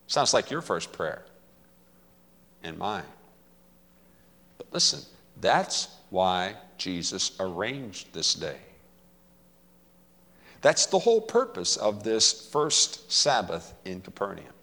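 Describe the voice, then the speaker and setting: A man's voice: low-pitched, big pitch swings, slow pace, long pauses, bright, forceful tone. A man preaching a sermon, retelling a story in a dramatic, emphatic way. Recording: long hall reverb.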